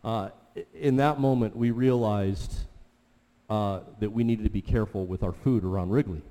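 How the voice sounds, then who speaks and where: A man preaching a sermon, telling a story with animated swings from quiet talk to loud exclamations. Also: on the low side, normal speed, long reverb tail. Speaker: pastor.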